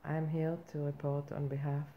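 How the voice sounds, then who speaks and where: A woman playing a blustering satirical reporter, low and creaky. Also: completely flat delivery, fairly quick. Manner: mock-earnest, blustering rant with outraged questions. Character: self-important female Israeli reporter persona, brash and ranting. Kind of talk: satirical comic monologue. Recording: muffled lo-fi recording with faint background noise.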